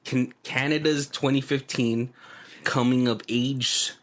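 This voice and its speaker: A man's voice: mid-range voice, steady tone, takes it slowly, fairly bright tone. A man co-hosting a movie podcast, chatting casually, laughing often and restarting his sentences. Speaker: podcast co-host. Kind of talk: casual movie commentary chat.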